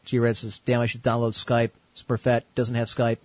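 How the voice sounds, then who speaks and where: A man's voice: medium pitch, completely flat delivery, moderate pace, dry recording, low-quality recording. A man from the United States hosting an online call-in show, laid-back and joking with crude language. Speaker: show host.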